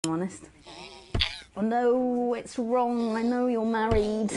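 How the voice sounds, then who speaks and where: A woman's voice: a little high, fairly even intonation, slow pace, noisy background. A posh TV anchorwoman. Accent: posh English. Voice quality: smooth, mannered sign-off delivery that turns pleading and obsessive. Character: poised female TV news anchor with a posh on-air manner. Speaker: news anchor. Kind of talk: scripted game acting.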